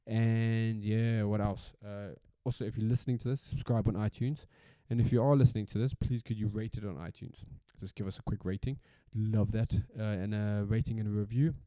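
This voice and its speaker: A man's voice: fairly low pitch, steady tone, brisk, hardly any pauses, warm tone, clear, resonant tone, dry recording. A South African man hosting a solo podcast in a casual, rambling rant, swearing freely and repeating himself for emphasis. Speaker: podcast host.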